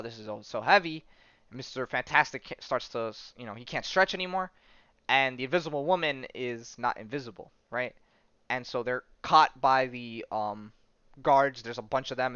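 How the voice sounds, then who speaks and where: A man's voice: medium pitch, bright, forceful tone, smooth, no echo, highs cut off. A man hosting a podcast, casually recapping a comic, chatty and full of "right?" and "like", often laughing. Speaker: podcast host.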